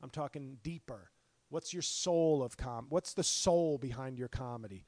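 A middle-aged male comedian with a hoarse, worn voice, talking in a profane, passionate solo podcast rant full of restarts. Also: medium pitch, measured pace, a little mellow, dry recording. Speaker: stand-up comedian and podcast host. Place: apartment.

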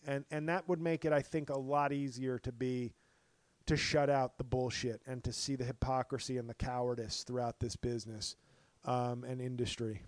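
Hoarse middle-aged comic, solo podcast rant, profane and fired up, dry close sound. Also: male voice, mid-range voice, flat delivery, normal speed, no echo. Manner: profane, passionate ranting with frequent restarts. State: hoarse, voice worn from talking. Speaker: stand-up comedian and podcast host. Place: apartment.

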